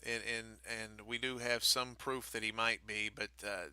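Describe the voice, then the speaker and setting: Bright-voiced joking man. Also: fairly low pitch, moderate pace, smooth. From Baltimore. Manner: joking, animated, teasing. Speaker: podcast co-host, wrestler. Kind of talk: casual podcast banter.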